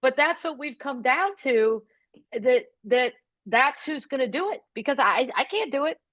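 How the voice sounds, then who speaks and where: A middle-aged woman, a comedian, telling stories about caring for her parents with quick asides. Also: high-pitched, no echo. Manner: lively, animated delivery with quick asides. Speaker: guest comedian. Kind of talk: comic storytelling in a podcast chat.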